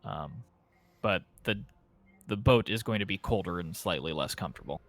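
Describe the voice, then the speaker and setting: A man's voice: low voice, lively intonation, moderate pace, gravelly. A man running a tabletop game as game master, explaining options with many ums and restarts. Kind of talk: running a tabletop game over a live stream.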